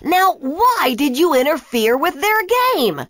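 A woman's voice: high-pitched, big pitch swings, slow pace, a bit bright, no room sound, clean studio sound, voice pushed up, full character voice. A woman doing a cheeky young superhero. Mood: heroic. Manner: eager, heroic. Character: brave young male superhero, eager and cheeky. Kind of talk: storybook reading.

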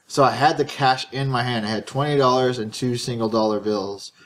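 A man's voice: medium pitch, fairly even intonation, a little fast, a little hiss or hum. Rambling man telling a haggling story. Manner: rambling storyteller, frequent restarts and stammers. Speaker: podcast co-host. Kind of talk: casual chat.

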